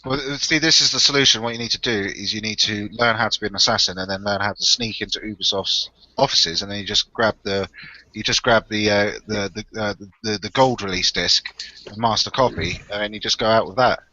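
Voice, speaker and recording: Fast-talking joking man, bright low voice. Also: steady tone, dry recording, lo-fi sound. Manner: quick, joking, swears casually. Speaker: podcast co-host. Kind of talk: casual gaming chat.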